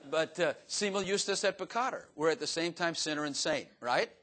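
A man's voice: fairly high pitch, brisk, fairly bright tone. A man giving a casual, folksy Bible teaching to a room, chatty and self-mocking, often asking his listeners questions. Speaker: teacher or preacher.

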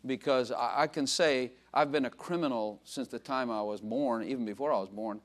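An older man with a medium-pitched voice and moderate pace gives an informal sermon to a congregation. As a preacher, he tells rambling, self-mocking stories packed with fillers and asides.

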